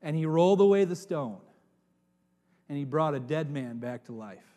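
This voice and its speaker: High-voiced preacher in a reverberant hall. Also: male voice, expressive, normal speed. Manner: swings from hushed to shouting, dramatic preaching. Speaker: pastor. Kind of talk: sermon.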